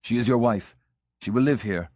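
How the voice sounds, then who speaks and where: A man voicing a stern, forceful village father who speaks in flat declarations. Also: mid-range voice, moderate pace, no room sound, studio quality, natural voice.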